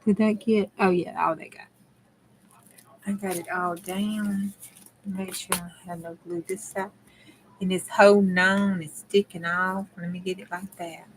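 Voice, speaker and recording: A woman's voice: on the low side, fairly even intonation, measured pace, a little hiss or hum, rough recording. Woman, Southern country accent, casual crafting chat, talks while working, clipped drawling words. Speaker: crafting channel host.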